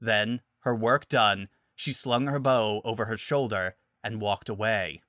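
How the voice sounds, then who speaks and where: A man narrating a dramatic story reading in an animated way. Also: on the low side, measured pace, hardly any pauses, dry recording, studio quality.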